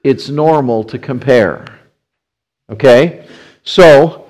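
A man's voice: mid-range voice, slow, a little mellow, low-quality recording. A man gives a sermon in a church, his voice sitting in the middle range. He speaks casually and down to earth, circling back and restarting phrases as he works through his point. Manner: conversational preaching with frequent restarts. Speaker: pastor.

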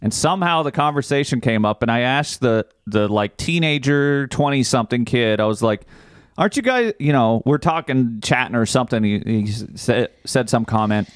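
A man rants his way through a story on a casual podcast, swearing freely and sometimes shouting in anger. His voice sits in an ordinary middle pitch, and the sound is dry and close to the mic. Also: moderate pace, hardly any pauses, smooth, dry recording. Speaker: podcast co-host. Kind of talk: casual chat.

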